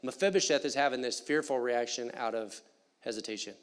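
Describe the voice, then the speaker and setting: A man preaching a sermon in a church, animated and conversational with playful asides. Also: mid-range voice, a little fast, clean tone. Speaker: pastor. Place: church sanctuary.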